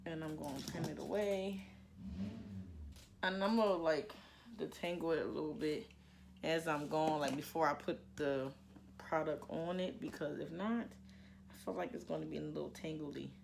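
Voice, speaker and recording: Background noise sits behind a young woman's low, steady, fry-tinged voice as she speaks at normal speed. Vlogging from home with a plugged-in mic, she walks through a hair care routine in relaxed chatter, self-mocking and visibly nervous.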